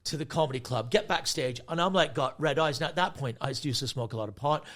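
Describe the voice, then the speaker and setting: High-voiced man telling a story. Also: quick pace. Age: 40s. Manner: animated, swears freely, acts out others' voices. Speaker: guest comedian. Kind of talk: casual storytelling.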